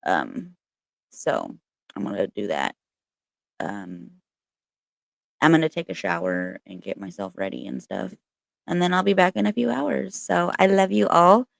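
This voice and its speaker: A woman's voice: sits low, huge pitch swings, a little slow, gravelly, long pauses, no echo. A woman hosting a casual livestream chat as a spiritual reader at home, candid and chatty, with plenty of swearing. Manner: candid, chatty and profane, with frequent laughs. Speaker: spiritual reader and channel host.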